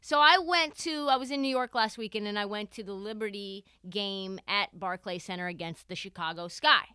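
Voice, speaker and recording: A young woman hosts her podcast, chatting through an anecdote with lively, offhand energy and casual swearing. Her voice is bright and sharp, smooth and crisp. It sounds close and dry. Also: mid-range voice, moderate pace, no echo. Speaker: podcast host. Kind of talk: casual storytelling monologue.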